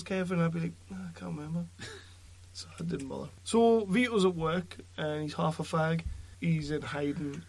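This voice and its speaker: A man's voice: fairly high pitch, a little mellow. A young man hosting a podcast, chatting casually with friends, joking and swearing freely. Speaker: podcast host. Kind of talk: casual chat.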